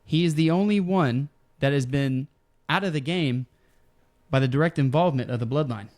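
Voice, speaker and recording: A man's voice: on the high side, normal speed, darkish tone. A man hosting a podcast, chatting casually about wrestling and telling a long story with fillers. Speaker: podcast host.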